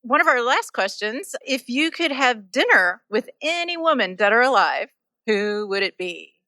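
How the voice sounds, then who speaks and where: A woman's voice: fairly high pitch, sing-song, moderate pace, pushed and bright, no room sound. A woman hosting an interview podcast in an upbeat, playful manner, on stage at a bar. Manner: upbeat, playful, reads sponsor spots. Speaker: podcast host.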